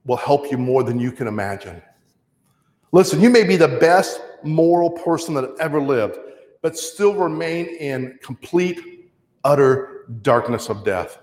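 A man preaching a sermon in a church, conversational and slowing down to stress key words. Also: on the high side. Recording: echoey church hall.

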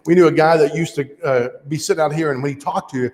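A man delivers a teaching sermon in a church sanctuary, his voice sitting a little higher than most men's. He talks plainly and conversationally, with dry asides, more teacher than fire-and-brimstone preacher. The sound carries a long, echoey hall reverb. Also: quick pace, hardly any pauses, a little mellow.

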